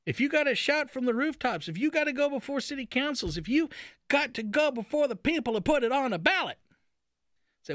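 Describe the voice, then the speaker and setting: A man hosting a radio show, giving folksy, sarcastic commentary. His voice sits high and sounds bright and forceful. His pitch swoops widely, and the sound is dry and close. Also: lively intonation, fairly quick, no room sound. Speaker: radio talk show host.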